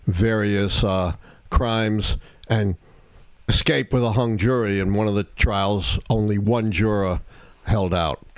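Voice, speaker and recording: An older man who hosts a live political talk stream, explaining history in a deliberate, measured way. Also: on the low side, no room sound. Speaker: historian and show host.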